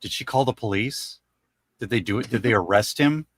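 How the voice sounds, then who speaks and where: A man's voice: medium pitch, brisk, breathy edge. A man in a casual discussion, exasperated and dismissive of weak arguments.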